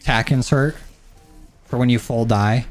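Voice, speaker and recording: Steady in tone and a little slow, this man's medium-pitched voice comes through a desk mic and mixer at his home gaming setup, with faint music behind it. He streams a shooter, musing aloud in rambling casual commentary and swearing freely over faint game gunfire.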